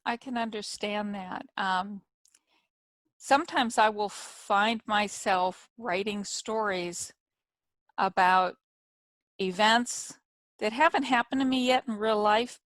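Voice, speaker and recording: A woman author hosting an interview, telling stories in an animated, chatty way. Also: medium pitch, slow pace, dry recording. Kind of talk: casual conversational interview.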